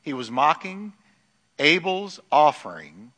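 Middle-aged guy preaching in church, goes loud then hushed, bright tense voice, big echoey hall. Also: a little high, big pitch swings, takes it slowly. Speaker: pastor. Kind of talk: sermon. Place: church sanctuary. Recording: long hall reverb.

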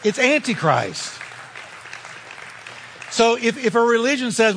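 Pastor, male, high tenor voice, emphatic sermon delivery, long echo of a church hall. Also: very animated, unhurried, bright, forceful tone, a faint crowd. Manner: emphatic, insistent preaching with direct address.

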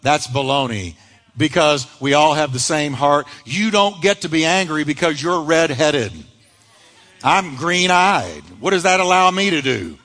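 A man preaching a sermon as pastor, telling stories with lively acted-out voices. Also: on the high side, a little slow. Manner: animated storytelling preacher, acts out quoted voices. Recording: long hall reverb.

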